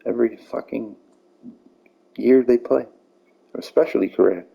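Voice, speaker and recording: A man talks through a baseball video game in loose, profane commentary. His voice is gravelly and husky at a middling pitch. He rants readily and gets heated over bad calls. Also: a little slow, muffled recording. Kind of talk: casual gameplay commentary.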